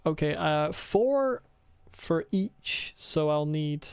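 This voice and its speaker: A man's voice: a little high, lively intonation, extremely slow, clear, resonant tone, no room sound. A man streaming a video game, muttering his plans to himself, swearing freely and answering chat. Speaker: let's play streamer. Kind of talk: casual live gaming chat.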